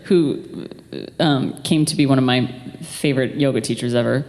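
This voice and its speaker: A woman's voice: extremely low pitch, moderate pace. A woman telling a chatty story as a guest on a convention panel. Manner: chatty, warm storytelling with fillers. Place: large convention hall. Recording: echoey hall from far off.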